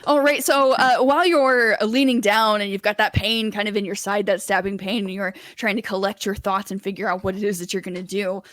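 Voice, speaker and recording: A woman running a tabletop game as game master, narrating scenes for players with lively energy and frequent laughter. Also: mid-range voice, fairly quick, hardly any pauses, no echo. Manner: animated, laughs often while narrating.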